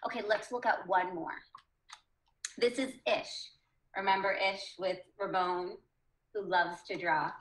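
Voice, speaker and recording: A woman's voice: mid-range voice, fairly even intonation, unhurried, long pauses, fairly bright tone, echoey room, poor audio. A woman teaching a reading lesson to children, asking the class questions and encouraging them.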